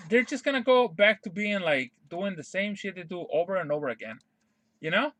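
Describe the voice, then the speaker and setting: A man with a high, bright voice rants into a close mic, swearing freely and hammering the same point again and again. The sound is dry and direct, with no room around it. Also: expressive, brisk, no room sound. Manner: profane, emphatic, repeats himself. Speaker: streamer. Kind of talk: casual ranting monologue.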